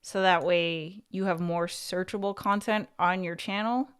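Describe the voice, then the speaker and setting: A woman's voice: lowish voice, steady tone, measured pace, clean tone. A woman hosting a livestream and giving casual advice, talking in a chatty way that is full of "like" and "you know" and restarting her thoughts. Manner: restarts and repeats words mid-thought. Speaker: YouTube coach and livestream host.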